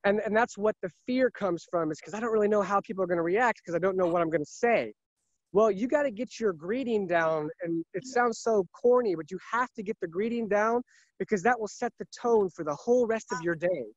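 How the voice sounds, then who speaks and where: A man's voice: high voice, brisk, dry recording, lo-fi sound. A man who sells cars, talking earnestly and emphatically in a casual interview, often repeating himself. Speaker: car salesman.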